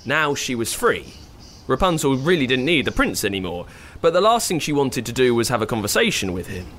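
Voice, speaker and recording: Playful, animated man telling a story. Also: medium pitch, brisk, slight background noise. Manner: playful, expressive. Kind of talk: children's story narration.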